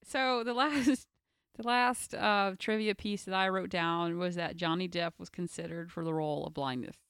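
A woman co-hosting a relaxed movie chat, her voice smooth and clean as she shares trivia. The sound is dry and close to the mic. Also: fairly low pitch, normal speed, no room sound. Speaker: podcast co-host.

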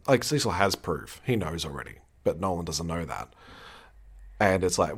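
Male co-host, husky low voice, loose and profane. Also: normal speed. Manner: animated, swears freely, acts out quotes. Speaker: podcast co-host. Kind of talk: casual recap chat.

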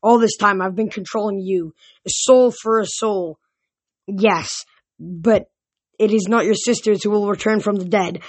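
A woman's voice: mid-range voice, steady tone, unhurried, breathy edge, no echo. A woman voicing a wrathful male ghost king who sneers and commands, while reading a novel aloud. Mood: sneering.

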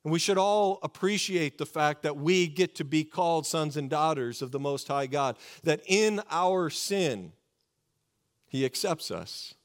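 A man preaching a sermon to his congregation, earnest and fervent, slowing down to stress key words. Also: a little high. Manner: earnest, fervent preaching with slow emphatic pauses. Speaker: pastor.

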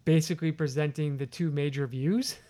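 Animated man in casual Bible chat. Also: on the high side, brisk. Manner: animated, acts out quotes with playful voices and laughs. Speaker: podcast co-host discussing scripture. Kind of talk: casual conversational Bible study.

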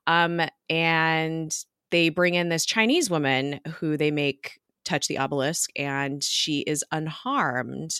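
A woman's voice: deep voice, slow pace, fairly bright tone, clean tone, no room sound, studio quality. A woman co-hosting a podcast, recapping a TV episode in casual chat, with many ums and frequent laughs.

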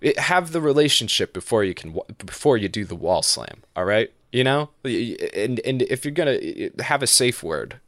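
A man's voice: mid-range voice, big pitch swings, normal speed, few pauses, a bit bright, no echo, studio quality. A man chatting casually as a podcast host, rambling with lots of restarts and laughs. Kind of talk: casual chat.

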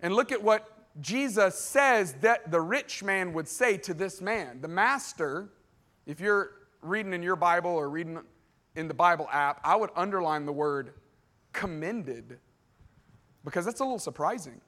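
A man preaching a sermon in a lively, conversational way, acting out characters and tossing asides to the crowd. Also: high-pitched. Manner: acts out characters in quick voiced exchanges. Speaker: pastor.

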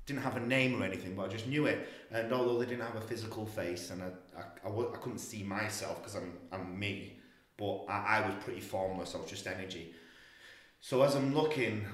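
A man, telling a long story with loose, animated energy. His voice sits a little low, and the room gives it a roomy echo. He talks in a casual, meandering way, full of asides. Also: a little fast. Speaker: guest.

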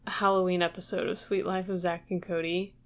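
A woman co-hosting a podcast, chiming in with quick reactions and quips in casual chat. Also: lowish voice, little pitch movement. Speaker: podcast co-host.

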